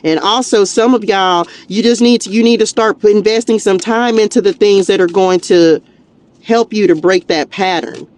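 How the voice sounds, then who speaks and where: A woman's voice: medium pitch, normal speed. A woman with a Southern US drawl leads a live tarot reading in a loose, chatty way. She peppers her talk with "child" and "y'all," laughs easily, and keeps lifting her viewers up. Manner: warm encouraging pep talk, laughs easily. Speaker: tarot reader and spiritual coach.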